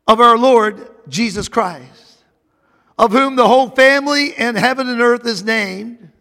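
A man delivers a fervent sermon in a very high, gravelly voice. His tone is bright and forceful, and he drives his points home with repetition. A long reverb hangs on his words, as in a large hall. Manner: fervent, emphatic preaching with repetitions. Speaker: preacher.

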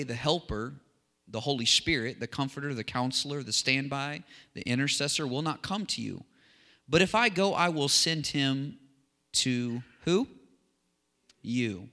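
A man preaching a sermon as a pastor, talking with rising animated excitement. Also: mid-range voice. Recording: long hall reverb.

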